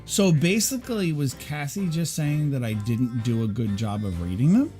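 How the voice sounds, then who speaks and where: Animated, laughing livestream host, man. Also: medium pitch, moderate pace, soft background music. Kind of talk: casual chat.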